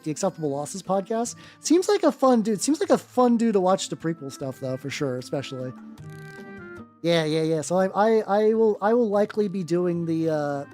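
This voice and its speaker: A hobby streamer talks with viewers while painting miniatures, wandering from thought to thought with lots of false starts and casual swearing. The voice sits at a middling pitch but swings widely as they chat. Soft music plays quietly underneath. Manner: rambling, restarts often, swears casually, greets chat viewers.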